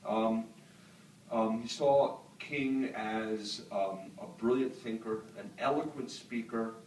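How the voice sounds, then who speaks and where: Middle-aged northern US man, author at a lecture, low voice, reflective with "um"s, distant mic, faint room hum. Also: takes it slowly, a little mellow. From northern United States. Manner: reflective storyteller, many "um" fillers. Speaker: author speaking to students. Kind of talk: lecture talk with audience Q&A. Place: university lecture hall. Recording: echoey hall picked up from afar.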